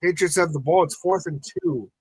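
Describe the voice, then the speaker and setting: A man's voice: fairly high pitch, moderate pace, slightly rough, no room sound, rough recording. A man hosting a live football watch party, reacting to the plays and talking with his chat. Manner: frustrated, reacting to the game, talks to chat. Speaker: podcast host.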